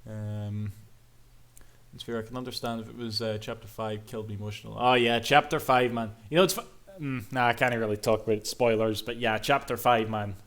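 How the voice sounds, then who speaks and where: A man's voice: mid-range voice, fairly even intonation, moderate pace, pauses often, a bit bright. Man, young adult, casual streaming chat, rambling, sweary. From Scotland. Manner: rambling, swears freely, laughs often.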